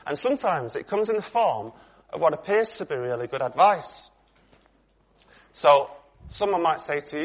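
A man's voice: fairly high pitch, lively intonation, normal speed. Conversational man preaching a sermon. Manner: conversational, asks the congregation questions.

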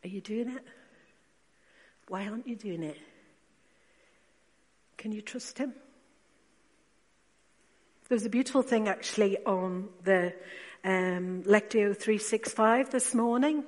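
A woman preacher giving a sermon, speaking slowly and with emphasis, asking rhetorical questions and dropping to quiet asides. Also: medium pitch. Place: church. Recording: long church reverb.

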